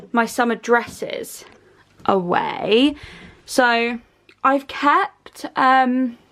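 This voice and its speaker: Chatty young English woman vlogging. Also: fairly high pitch. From England. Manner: chatty, rambling with many ums and likes. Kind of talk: casual chat to camera.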